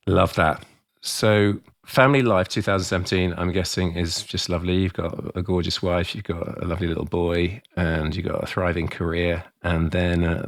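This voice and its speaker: A male podcast host with a low, gravelly voice and a soft way of leading into his questions. His voice sounds dry and close. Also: dry recording. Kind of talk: interview questions.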